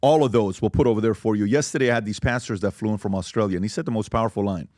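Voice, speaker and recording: A man's voice: fairly low pitch, rapid-fire, a little mellow, no room sound, clean studio sound. A man hosting a podcast, talking casually and with enthusiasm as he plugs merchandise. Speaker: podcast host.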